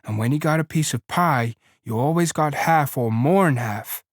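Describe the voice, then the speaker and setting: A man narrating a novel in a measured, steady reading. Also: a little high, dry recording, clean studio sound. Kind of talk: audiobook narration.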